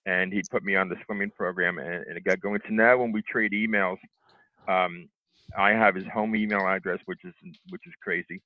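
A middle-aged man telling how he recovered from a stroke, halting, with lots of restarts and fillers. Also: deep voice, steady tone, dry recording. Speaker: stroke survivor interviewee. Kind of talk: telling his own recovery story. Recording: tinny phone line, dry.

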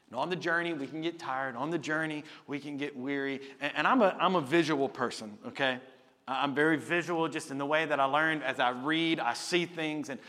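A male pastor preaching a sermon in a church sanctuary, swinging from loud calls to quiet, close asides. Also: on the high side. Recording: long reverb of a church hall.

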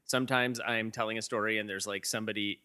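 A man's voice: on the low side, steady tone, quick pace, bright, forceful tone, clear, resonant tone, no echo, clean studio sound. A man hosting a casual interview, who hedges a lot with "like" and "sort of" and thinks aloud. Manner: hedging, full of "like" and "sort of", reflective. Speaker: interviewer host.

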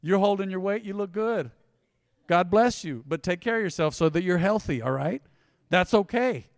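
Male pastor, forties, fairly high voice, preaching in a church with long hall reverb, shifts between fervent and soft. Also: animated, moderate pace, clean studio sound. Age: 40s. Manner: swings from emphatic loud to hushed and tender. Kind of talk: sermon. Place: church sanctuary.

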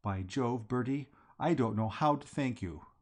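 A man voicing an anxious, timid young English gentleman who pleads for help. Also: mid-range voice, measured pace, close to an everyday voice. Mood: pleading.

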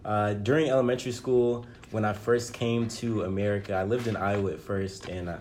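A man's voice: lowish voice, steady tone, fairly quick, a little mellow, a little hiss or hum. A young man from Nigeria, a podcast guest, earnestly telling his story in casual chat.

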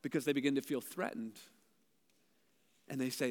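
A man from Canada preaching a sermon, animated, his delivery swinging between loud, emphatic lines and hushed ones. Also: medium pitch, normal speed. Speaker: pastor. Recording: long hall reverb.

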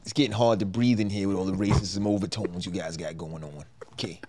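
A man's voice: low voice, steady tone, brisk, a little mellow, voice pushed down. A man doing a blustering Brooklyn Italian guy. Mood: indignant. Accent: Brooklyn Italian, put on. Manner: blustering, tacks "okay?" onto lines. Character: brash Brooklyn Italian man, touchy and loud.

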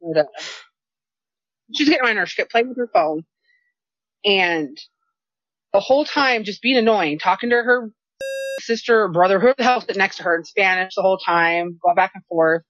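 Woman co-host, casual storyteller, expressive and profane, dry lo-fi sound. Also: medium pitch, moderate pace, pauses often, dry recording. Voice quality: animated, profane, exasperated. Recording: dry, slightly dull lo-fi sound.

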